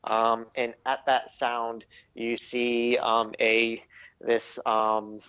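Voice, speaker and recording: Guy running a tabletop game, um-heavy halting narration, kinda dull lo-fi sound. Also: mid-range voice, completely flat delivery, a bit bright, clear, resonant tone. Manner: halting, full of ums and likes. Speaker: game master.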